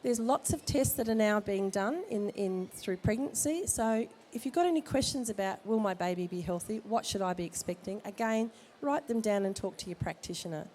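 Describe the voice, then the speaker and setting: A midwife at a baby expo, suffering from a cold, speaks to expectant parents in an on-the-high-side, animated voice that's a little mellow. She talks at normal speed with hardly any pauses, giving jokey, direct advice informally in the expo hall amid slight background noise.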